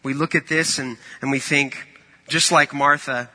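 A man's voice: on the high side, fairly even intonation, unhurried, pushed and bright, in a large hall. A man preaching a sermon in a conversational, storytelling way. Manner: conversational, storytelling with acted-out quotes.

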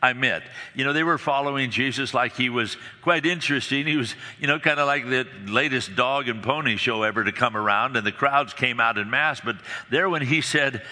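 A man's voice: medium pitch, a little fast, few pauses, pushed and bright, long reverb tail. A man preaching a sermon in a conversational, storytelling way, often restarting his sentences.

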